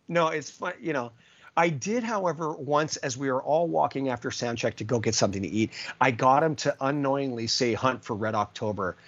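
Chatty male musician guest, storytelling with lots of asides, average pitch, lo-fi sound. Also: moderate pace. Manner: animated anecdote-telling, many asides. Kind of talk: casual storytelling interview. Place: California.

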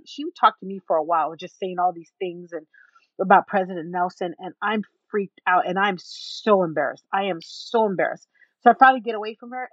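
A woman guest in an interview, telling a story in an animated way and acting out the people in it. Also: medium pitch, no echo, lo-fi sound. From Texas. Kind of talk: storytelling in a conversation.

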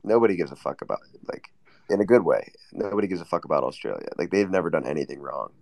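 A man's voice: low voice, sing-song, quick pace, gravelly, a little mellow, no echo. A man hosting a casual group chat, joking and teasing guests, often mimicking them in a whiny voice. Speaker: host.

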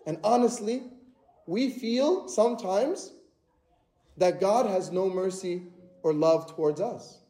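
A man's voice: high-pitched, lively intonation, slow pace, pauses often, dark tone, reverberant. A man preaching a sermon in a church, earnest and repetitive, often restarting his words.

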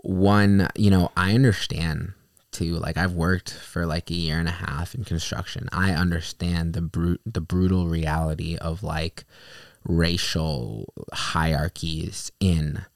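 A man's voice: low-pitched, fairly even intonation, unhurried, gravelly, dry recording, studio quality. A young man co-hosting a casual chat, telling a personal story candidly with many fillers and restarts.

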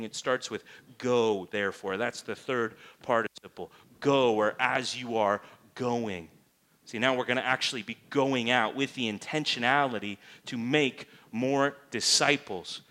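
A man's voice: mid-range voice, bright, forceful tone. A man preaching a sermon in a church as its pastor, emphatic and full of rhetorical questions.

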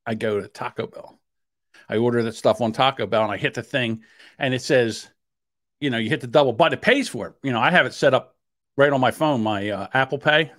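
A man's voice: on the high side, no echo, clean studio sound. A man co-hosting a casual podcast, telling rambling stories and acting out the people in them. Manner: animated, acts out voices in his stories. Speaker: podcast co-host. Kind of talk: casual chat, storytelling rants.

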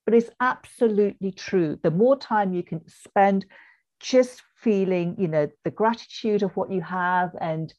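A woman's voice: mid-range voice, a little slow, a little mellow. English woman, business coach guest, earnest and encouraging, somewhat muffled lo-fi sound. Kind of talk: podcast interview.

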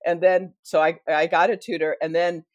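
A woman's voice: fairly low pitch, level tone, normal speed, no echo. A middle-aged American woman, a historian, telling a self-deprecating story in a casual interview. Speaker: guest historian. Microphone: wearing headphones at a mic.

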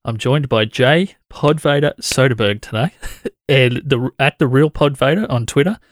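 An Australian man in a mid pitch hosts a podcast in a chatty, easygoing way. His voice is recorded close and dry, with no room around it. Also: normal speed, no room sound. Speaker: podcast host. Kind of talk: casual conversational interview.

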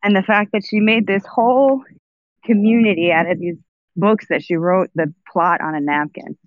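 A woman's voice: mid-range voice, fairly even intonation, normal speed, no echo. Woman chatting, kinda hesitant, tinny phone-ish sound, super dry. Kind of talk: casual chat.

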